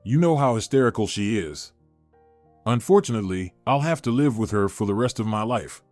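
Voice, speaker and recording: A man's voice: lowish voice, animated, a little fast, darkish tone, no room sound, faint music behind, lightly acted. A man voicing an irritable young cheating husband. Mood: serious. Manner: serious, annoyed.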